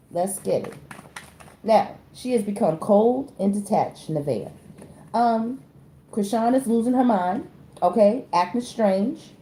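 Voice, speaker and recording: An emphatic woman, talking through a casual celebrity tarot read in a warm, mellow voice. She keeps checking in with her viewers as she goes. The room sounds echoey, with a faint hiss of noise underneath. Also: medium pitch. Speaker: tarot reader.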